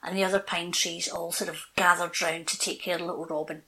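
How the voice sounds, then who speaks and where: A woman's voice: fairly low pitch, fairly quick, creaky, slight background noise, poor audio. Woman telling a folk tale. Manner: lively storytelling with character voices. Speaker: storyteller guest.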